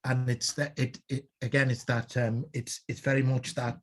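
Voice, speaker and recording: Older man, liverpool accent, husky voice, rambling playful talk, casual co-host. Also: mid-range voice, little pitch movement, moderate pace. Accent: Liverpool English. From Liverpool, England. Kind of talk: casual chat.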